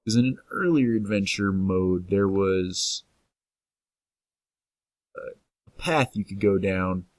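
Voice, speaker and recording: A man's voice: low voice, slow. A man casually narrating a video game as he plays, joking with the enemies on screen and reading the game's messages aloud. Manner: playful, talks to enemies, reads game text aloud. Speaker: gameplay commentator. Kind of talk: casual let's-play commentary. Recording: faint game music behind.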